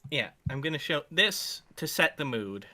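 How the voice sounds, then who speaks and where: A man's voice: a little high, sing-song, moderate pace, bright, forceful tone. A man co-hosting a casual commentary podcast, talking bluntly and crudely with lots of fillers and restarts. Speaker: podcast co-host.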